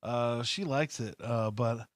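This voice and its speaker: A man hosting a show, chatting casually in a laid-back, halting way full of ums. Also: medium pitch, a little hiss or hum. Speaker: podcast host. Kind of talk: casual chat.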